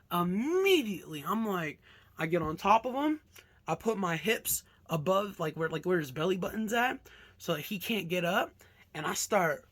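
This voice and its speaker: A young man from Alaska, casually telling a storytime, animated and swearing, acting out punches with sound effects. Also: high-pitched, husky. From Alaska, USA. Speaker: vlogger.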